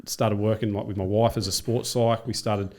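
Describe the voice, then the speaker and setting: A man's voice: fairly low pitch, little pitch movement, normal speed, darkish tone. A man in his thirties with an Australian accent, a podcast guest telling stories casually, swearing freely. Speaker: podcast guest, triathlete and coach. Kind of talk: casual storytelling.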